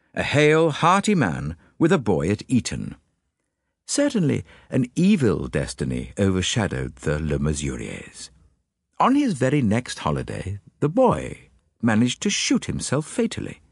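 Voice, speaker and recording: Male audiobook narrator, measured, very expressive, dry close studio sound. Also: fairly low pitch, vocal fry, breathy edge, no room sound. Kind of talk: first-person scripted narration.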